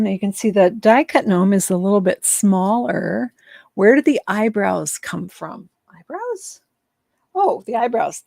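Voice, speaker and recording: Lady showing card crafts live, kinda gravelly, lots of ums, laughs at herself. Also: medium pitch, mellow, dry recording. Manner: chatty, rambling, self-interrupting with ums; laughs often at own slips. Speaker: card-making demonstrator. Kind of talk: casual live craft demo.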